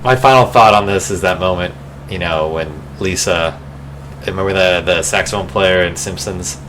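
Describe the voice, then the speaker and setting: A man's voice: low voice, normal speed, background noise. A man co-hosting a casual movie chat podcast, playful and profane, acting out film lines. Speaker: podcast co-host.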